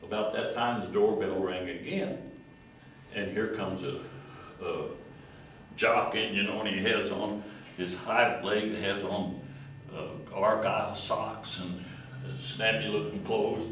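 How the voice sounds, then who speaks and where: Slow old man in an echoey room. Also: lowish voice, fairly even intonation, fairly bright tone, slight background noise. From Kentucky. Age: 90s. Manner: slow, folksy, chuckling storyteller. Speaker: retired county extension agent. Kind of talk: rambling personal storytelling. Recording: echoey room, distant mic.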